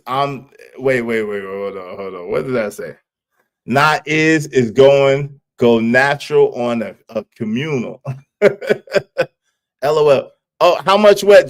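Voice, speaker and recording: A man hosting a live stream in casual chat, talking animatedly, teasing the viewers and laughing often. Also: mid-range voice. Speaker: livestream host.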